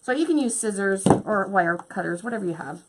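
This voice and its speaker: Casting: woman, craft demo host, bubbly running commentary, mid-pitch voice, faint background hiss. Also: expressive, a little fast. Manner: chatty, bubbly, talks while working. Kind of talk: hands-on craft demonstration.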